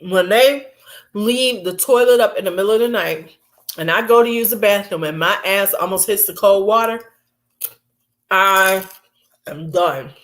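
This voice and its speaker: A vlogger chats casually to her camera at home late at night, speaking bluntly, laughing readily, and acting out her coworkers as she talks. Her voice sits at a medium pitch with a fairly bright tone, picked up by the camera mic.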